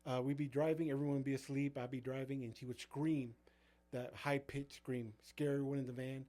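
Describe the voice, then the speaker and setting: A man chats casually as a youth pastor, telling van stories from ministry trips. His delivery rambles, packed with fillers and false starts, in a mid-pitched everyday voice. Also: little pitch movement, a little fast, dark tone. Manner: rambling, full of fillers and restarts. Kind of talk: casual storytelling chat.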